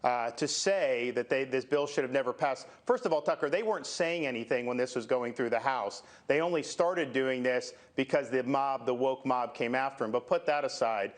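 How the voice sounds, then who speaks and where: A man's voice: mid-range voice, normal speed, few pauses. A man speaking as a politician, firm and combative in a press statement.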